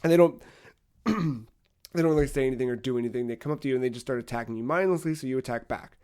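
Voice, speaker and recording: Guy on a podcast rambling thru a story, lots of ums, normal pitch, chatty. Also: fast. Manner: rambling, animated storytelling with many fillers. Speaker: podcast co-host. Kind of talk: casual chat.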